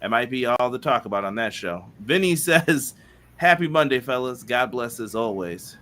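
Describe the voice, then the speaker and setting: Upbeat guy reading chat msgs on a live podcast, bright voice, casual. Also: medium pitch, lively intonation, moderate pace, slight background noise. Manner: upbeat, reads chat messages aloud, shouts out viewers.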